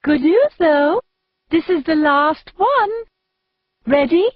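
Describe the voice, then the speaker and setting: A woman's voice: sits high, expressive, slow pace, no echo, dull audio, voice pushed up. A woman voicing a silly female Capitol stylist who speaks in a chirpy, lilting manner, with statements rising like questions.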